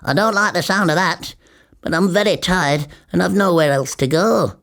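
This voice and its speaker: A man's voice: high voice, normal speed, gravelly, fairly bright tone, pitched above the performer's own voice. A man voicing a curious, plucky young boy in a fairy-tale reading, with a light, wondering voice.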